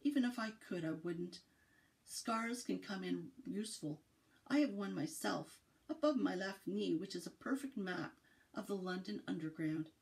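A woman reading aloud, voicing an old male wizard headmaster with a gentle, measured manner and dry humour. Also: mid-range voice, lively intonation, gravelly. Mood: calm.

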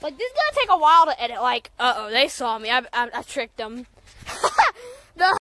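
Giggly high-voiced young woman vlogging outdoors. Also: wildly swooping pitch, moderate pace, heavy background noise. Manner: rambling, giggly, lots of "like" fillers. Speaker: farm vlogger. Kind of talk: casual vlog. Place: outdoors on a farm with animals.

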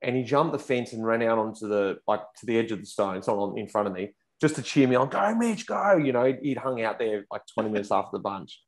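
A man's voice: on the low side, quick pace, few pauses. A man, telling a race story as a podcast guest and acting out quotes in a raised voice. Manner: animated, acts out quotes in raised voice. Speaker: podcast guest, pro cyclist. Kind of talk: casual storytelling.

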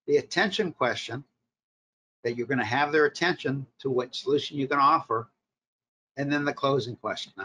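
A man leads a sales workshop, his voice bright and forward. He teaches in short, punchy directives and answers his own rhetorical questions, keeping an instructive classroom tone. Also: medium pitch. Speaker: marketing professor leading a workshop. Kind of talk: recorded workshop lecture.

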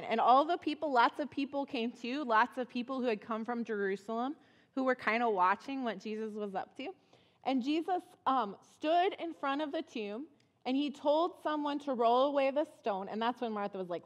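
A woman telling a Bible story as a children's sermon, in a casual, animated way, acting out the quotes. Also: a little high, moderate pace. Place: church sanctuary. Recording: long church reverb.

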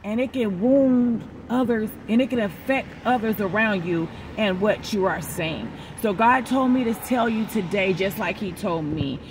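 A woman's voice: mid-range voice, noisy background. A woman hosting her own channel, giving a casual devotional message that mixes a personal story with repeated exhortations. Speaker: preacher and channel host.

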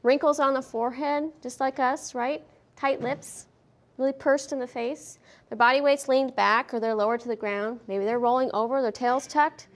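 Give me a woman giving a lively conference lecture, slightly high voice, quizzing her audience. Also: moderate pace. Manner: lively, asks the audience questions, acts out dogs' thoughts. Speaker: veterinary behavior lecturer. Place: conference hall.

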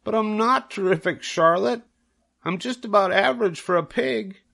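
A man reading a storybook and voicing a humble young male pig in a much higher voice. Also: normal speed, vocal fry, fairly bright tone, full character voice. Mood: bashful. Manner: high, bashful protest.

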